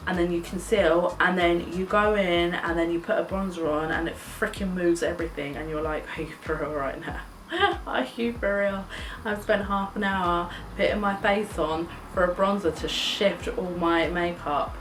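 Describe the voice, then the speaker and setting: Casual beauty vlogger, young woman, enthusiastic and chatty, recorded at a distance with faint hiss. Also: fairly low pitch. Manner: gushing, chatty, swears casually. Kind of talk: casual makeup chat. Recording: echoey room, mic set back, faint hiss.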